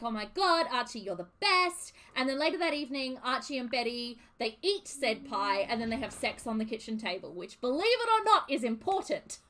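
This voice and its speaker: A young woman chats through a game stream, recapping in a sweary, exasperated rush. Her voice sits fairly high and swoops all over the place. The tone is bright and sharp. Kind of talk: casual chat while live streaming a game.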